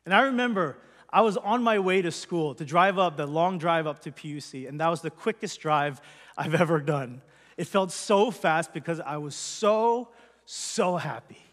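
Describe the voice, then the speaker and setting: Male pastor, high voice, earnest testimony, long hall reverb. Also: normal speed, fairly bright tone. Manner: earnest, conversational storytelling. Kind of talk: personal testimony to a congregation.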